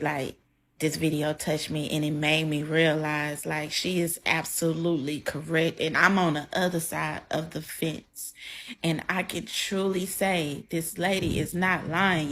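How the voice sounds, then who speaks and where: Young woman with a gravelly low voice. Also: slight background noise. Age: young adult. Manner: heartfelt, close to tears, conversational. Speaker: content creator. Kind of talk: emotional reaction vlog. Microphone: camera mic, facing camera.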